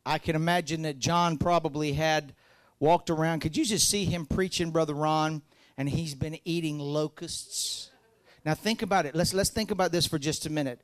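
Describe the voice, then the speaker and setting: High-voiced preacher. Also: male voice, normal speed, no room sound. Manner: folksy, joking preacher, rises to loud fervent peaks. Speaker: pastor. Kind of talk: sermon.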